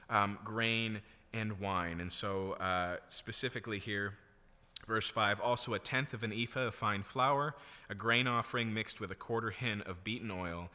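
A man's voice: medium pitch, bright, forceful tone. A man preaching a sermon as a pastor, teaching through a text and asking the congregation questions. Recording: long hall reverb.

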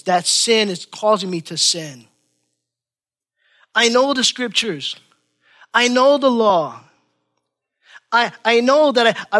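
A man preaching a sermon, impassioned, repeating his phrases and swinging between raised cries and hushed, quiet stretches. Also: sits high.

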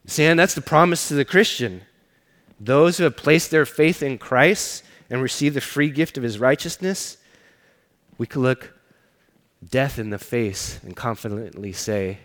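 Man preaching, earnest storytelling, goes quiet a lot, big hall echo. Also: mid-range voice, measured pace. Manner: earnest personal storytelling, often dropping to a hushed voice. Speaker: pastor. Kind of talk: sermon. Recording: long reverb of a large hall.

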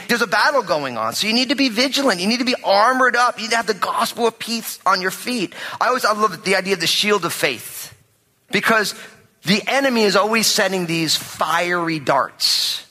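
A man preaching a sermon as pastor, animated and jokey, acting out quotes from everyday life. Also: high voice, normal speed. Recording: reverberant hall.

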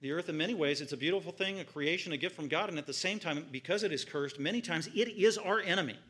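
A male pastor preaching a sermon, emphatic and repeating phrases for stress, swinging between loud peaks and quiet low stretches. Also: fast talker, breathy edge.

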